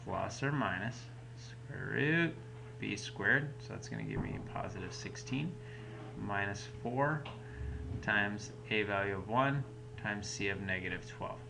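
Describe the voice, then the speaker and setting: A man's voice: lowish voice, big pitch swings, measured pace, vocal fry, background noise. A man teaching a recorded math lesson at home, explaining each step patiently in a casual way. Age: adult parent.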